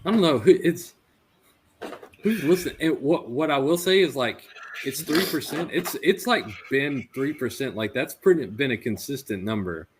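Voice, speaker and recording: A man in his thirties co-hosting a podcast, telling stories in an animated way with lots of fillers and laughs. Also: mid-range voice, a little hiss or hum. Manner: animated storyteller, quick to laugh, many "like" fillers. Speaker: podcast co-host. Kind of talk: casual chat.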